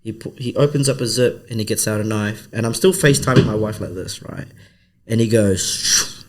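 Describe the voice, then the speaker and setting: Talking a little fast in a lowish voice, this man, a comedian who co-hosts a podcast, spins a story during relaxed chat. He brings it to life by imitating everyone else's voices.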